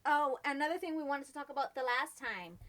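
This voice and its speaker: High bright-voiced woman co-host. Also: fairly quick. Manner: laughs often, animated storytelling. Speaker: podcast co-host. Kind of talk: casual chat.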